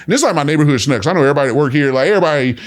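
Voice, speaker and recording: A man, hosting a podcast and telling candid stories in a relaxed way, often saying "man" and "bro.". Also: fairly high pitch, rapid-fire, slight background noise. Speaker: podcast host and pastor. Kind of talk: casual conversation.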